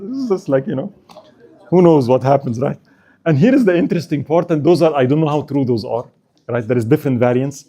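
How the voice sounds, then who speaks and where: A man's voice: medium pitch, lively intonation, brisk, mellow. A man giving a casual history lecture at an Islamic center, often checking in with "right?" and joking with his listeners. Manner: keeps asking the audience "right?", joking and laughing.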